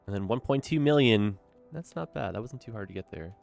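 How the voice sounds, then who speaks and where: A man's voice: on the low side, lively intonation, a little fast, creaky, darkish tone, soft background music. A young man commenting casually on a city-building game as he streams it, upbeat and chatty, often tagging his sentences with "eh". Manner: chatty, upbeat, tag questions with "eh". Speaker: gaming streamer. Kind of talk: casual let's-play commentary.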